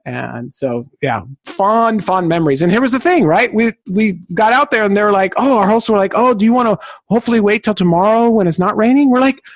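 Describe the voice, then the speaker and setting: A man from Southern California, a podcast guest who tells stories in an excitable, high-energy way. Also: brisk, few pauses. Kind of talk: enthusiastic podcast conversation.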